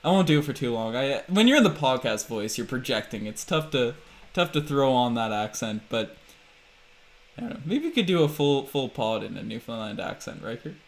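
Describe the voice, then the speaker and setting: A man hosting a livestreamed podcast in loose, casual chat. He is chatty and laughs easily while he thanks viewers and pumps up the channel. His voice sits at an ordinary middle pitch. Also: very animated, a little fast. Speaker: podcast host.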